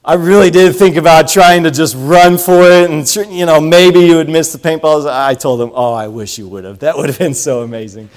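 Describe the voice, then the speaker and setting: A man preaching a sermon, telling a story with animated swings between loud calls and hushed asides. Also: fairly high pitch, moderate pace, hardly any pauses.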